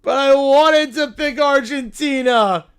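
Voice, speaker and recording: Someone doing a whiny crybaby cartoon kid, high and slow, always complaining. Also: a bit bright, heavily acted. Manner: whining, crying, complaining. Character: whiny spoiled cartoon little boy.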